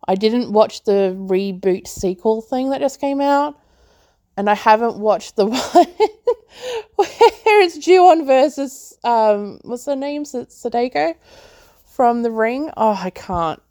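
A woman hosting a podcast, casually reviewing films in a chatty way, full of "like" fillers and quick laughs. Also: medium pitch, dark tone, no room sound, studio quality. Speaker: podcast host, film reviewer. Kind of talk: casual movie review chat.

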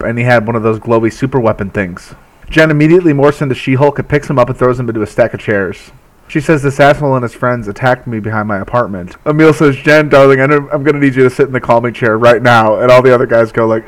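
A man recaps a show episode in a loose, conversational way. He laughs often and leans on filler words as he goes. His pitch sits in a middling range for a man. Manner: chatty, laughs often, many filler likes. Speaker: recap host.

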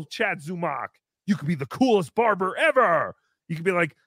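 A man's voice: sits high, very animated, normal speed, fairly bright tone, no echo, studio quality. A male podcast host giving sarcastic, taunting comedy commentary. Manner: sarcastic, taunting, jumps into sing-song mockery.

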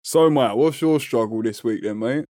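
A man's voice: medium pitch, normal speed, mellow, no room sound. Slangy London man, dry close mic. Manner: slangy, swears freely, laughs often. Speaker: podcast co-host. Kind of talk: casual banter.

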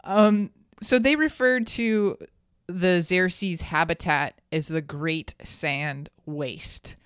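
A woman's voice: lowish voice, very slow, clear, resonant tone, no room sound, clean studio sound. A woman hosting a podcast, telling a local history story in a chatty, casual way and laughing often. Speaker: podcast host.

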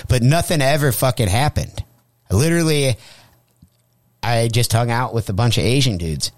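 This young comedian guest swears freely while telling a story in casual radio-studio chat, acting out other people's lines with animation. He speaks in a mid-range voice at a moderate pace, recorded in studio quality with no echo.

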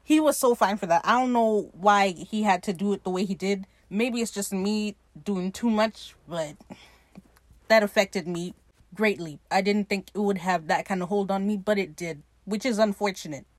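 Animated, profane woman recapping a show. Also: medium pitch, normal speed, no room sound. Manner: animated, profane, gushing, often laughing. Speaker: podcast host. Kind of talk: casual episode recap.

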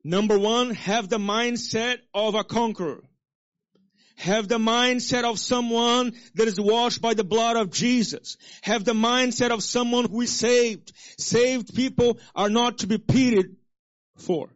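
A male pastor preaching a sermon with call-and-response to the congregation, swinging between loud exhortation and soft low asides. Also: fairly even intonation, unhurried. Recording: dull lo-fi sermon recording.

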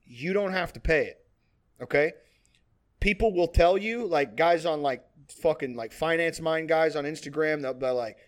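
A man's voice: on the high side, moderate pace. A man in his twenties co-hosting a podcast, chatting casually in a rambling, profane way with lots of "like". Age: 20s. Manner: rambling, profane, many fillers. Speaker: podcast co-host.

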